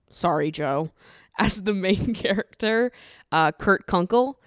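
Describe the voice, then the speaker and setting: A woman with a fairly low, smooth and clear voice rambles through a casual solo podcast. She talks loosely and chattily, drops swear words freely and breaks into laughter often. The sound is dry and close, with no room around it. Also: takes it slowly, dry recording. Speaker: podcast host.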